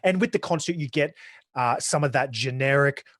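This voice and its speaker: A man's voice: medium pitch, moderate pace, fairly bright tone, dry recording, clean studio sound. An Australian man co-hosting a podcast, chatting casually and enthusiastically about a war film, often restarting his sentences. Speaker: podcast co-host. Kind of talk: casual film review chat.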